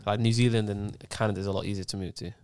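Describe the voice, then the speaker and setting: A young man in casual chat, slangy and quick to agree. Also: fairly low pitch, level tone, darkish tone, smooth.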